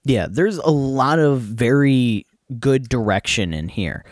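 A man's voice: mid-range voice, expressive, takes it slowly, dry recording. Easygoing man with a dry, close voice. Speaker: podcast co-host. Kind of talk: casual chat.

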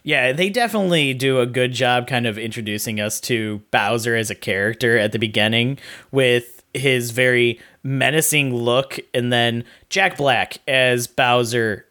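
A man co-hosting a podcast, giving a steady, explanatory movie review in casual chat. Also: medium pitch, moderate pace. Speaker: podcast co-host.

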